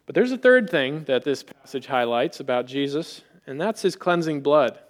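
A man preaching a sermon in an animated way, acting out quoted voices with rising emphasis. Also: fairly high pitch, moderate pace. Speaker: pastor.

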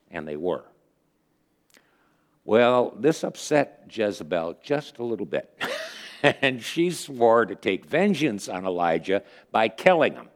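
A man giving a conversational sermon, retelling stories earnestly with pauses as he thinks. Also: on the low side. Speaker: preacher.

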